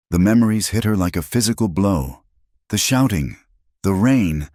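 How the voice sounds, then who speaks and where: A man's voice: on the low side, lively intonation, normal speed, a little mellow, no room sound, studio quality. A man narrating a frontier story in a dramatic, emphatic scripted style.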